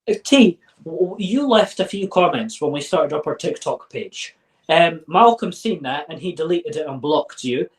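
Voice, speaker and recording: A man's voice: on the high side, animated, normal speed. A man speaking as an interview guest, candid and blunt, often restarting his sentences and swearing. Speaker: interview guest, former member. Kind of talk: casual interview. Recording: voice sounds distant from mic.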